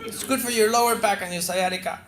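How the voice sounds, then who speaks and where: High-voiced comedian ranting. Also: male voice, fast, very noisy. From Venezuela. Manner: animated, profane, ranting. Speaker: stand-up comedian. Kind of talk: stand-up comedy.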